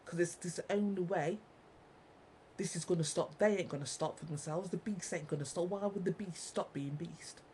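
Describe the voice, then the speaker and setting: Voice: mid-range voice, moderate pace, darkish tone, a little hiss or hum, rough recording. Angry profane rant, repetitive, addressed to viewers. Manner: ranting, heavily profane, repetitive. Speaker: vlogger.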